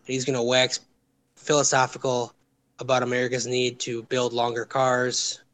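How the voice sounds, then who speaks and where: A man co-hosting a comedic talk show, mocking and riffing with quick impressions. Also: medium pitch, completely flat delivery, a bit bright. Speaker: podcast co-host. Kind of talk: casual comedic chat.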